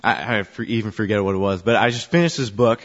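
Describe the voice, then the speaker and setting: A man's voice: on the low side, quick pace. A man on church youth ministry staff telling a self-deprecating personal story to a congregation, chatty and full of fillers. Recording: echoey hall, dull sound.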